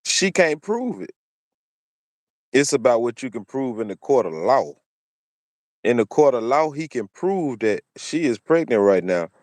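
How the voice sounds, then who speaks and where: Here the host's medium-pitched voice is slightly mellow yet animated, moving at normal speed. He preaches his views in solo commentary, restating points repeatedly for emphasis, on a dry recording.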